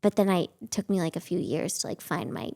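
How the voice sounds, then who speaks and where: A woman's voice: lowish voice, fast, warm tone. A woman in her thirties, a guest actress, telling stories in a casual, rambling way full of fillers. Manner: rambling storytelling, many fillers like "like". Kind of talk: casual chat.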